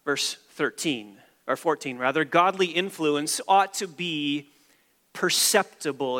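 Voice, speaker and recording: A man's voice: on the high side, moderate pace, a bit bright, long reverb tail. A man preaching a sermon as a pastor, emphatic and repeating key phrases for stress.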